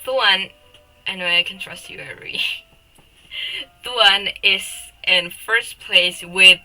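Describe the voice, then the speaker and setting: A woman's voice: medium pitch, takes it slowly, pauses often, bright, forceful tone, soft background music, poor audio. A young woman streaming live, chatting with her viewers, often giggling, teasing and swearing at her chat.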